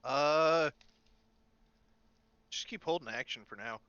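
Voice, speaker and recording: A man with a gravelly voice playing a tabletop game, hesitant and apologetic. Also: fairly high pitch, slow, fairly bright tone, highs cut off. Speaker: player.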